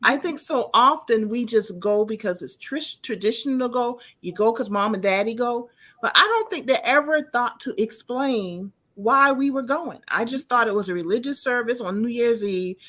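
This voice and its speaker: A woman's voice: on the high side, expressive, normal speed, bright, forceful tone. A woman hosting an interview in a chatty, personal way, often restarting her phrases. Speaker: host. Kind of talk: conversational interview.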